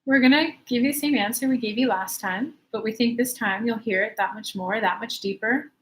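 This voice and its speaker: A woman's voice: on the high side, brisk. A woman coaching live as she answers viewer questions, in a chatty, emphatic way. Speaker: law of attraction coach.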